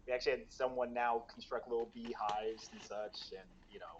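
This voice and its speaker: A man's voice: medium pitch, steady tone, a little fast, highs cut off, crowd noise. An American man chatting as a guest about the event he organizes, with many fillers and restarts. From United States. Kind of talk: casual chat. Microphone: video call.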